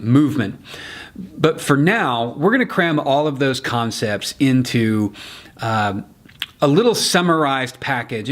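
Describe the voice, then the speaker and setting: A man teaching how to argue an evidence rule in court, casual and blunt, then acting out the argument with deliberate emphasis. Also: medium pitch. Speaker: legal communication coach. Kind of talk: instructional explainer.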